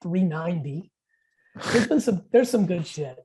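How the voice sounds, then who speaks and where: A man in his forties, a podcast guest, telling stories in blunt, profane, rapid-fire talk. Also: high voice, lively intonation, mellow. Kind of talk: casual podcast interview.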